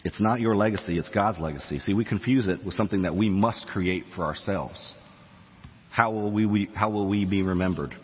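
A man's voice: deep voice, a little fast, in a large hall, highs cut off, a little hiss or hum. A man in his forties preaching a sermon, chatty and self-deprecating, reading scripture aloud. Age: 40s. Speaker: pastor. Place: church sanctuary.

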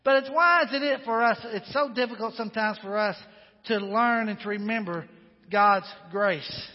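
A man with a high voice preaches an earnest, emphatic sermon. His words ring out with a long echo in a church sanctuary. The sound is dull and muffled. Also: normal speed. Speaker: pastor.

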